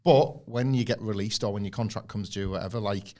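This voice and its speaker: A man's voice: lowish voice, a little fast, mellow. A man co-hosting a podcast, giving opinions in casual chat and peppering his talk with "like". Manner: filler-heavy, frequent "like". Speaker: podcast co-host.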